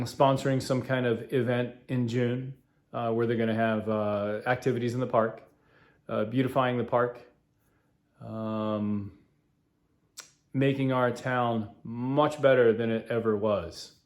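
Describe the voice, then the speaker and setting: Halting, earnest man, mid-pitched. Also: darkish tone. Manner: halting and earnest, many fillers. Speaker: podcast host. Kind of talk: casual spoken commentary.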